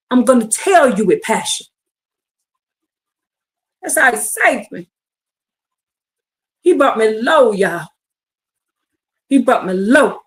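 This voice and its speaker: Fervent high-voiced woman preaching. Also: lively intonation, a little slow, pauses often. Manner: fervent, calls out to listeners, swings from hushed to shouting. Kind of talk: livestream sermon.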